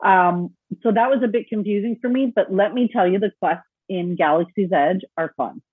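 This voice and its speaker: A woman's voice: mid-range voice, normal speed, breathy edge, dry recording. A woman co-hosting a podcast, chatting casually, often laughing and acting out quoted voices. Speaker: podcast co-host. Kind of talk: casual chat. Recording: tinny phone-like remote line.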